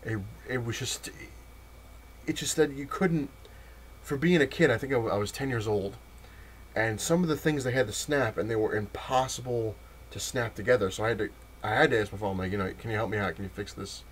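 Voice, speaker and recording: A man's voice: lowish voice, brisk, a little hiss or hum. A man casually telling a long personal story in a rambling, wry way with many restarts. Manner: rambling, frequent restarts and fillers, wry laughs. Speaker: vlogger telling a childhood story.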